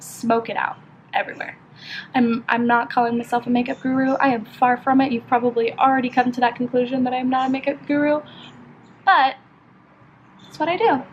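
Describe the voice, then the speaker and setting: Young female vlogger from California, high voice, chatty and filler-heavy, telling a story while doing her makeup at home. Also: dull audio, slight background noise. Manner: chatty, filler-heavy, animated retelling with lots of "like". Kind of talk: casual get-ready-with-me storytelling.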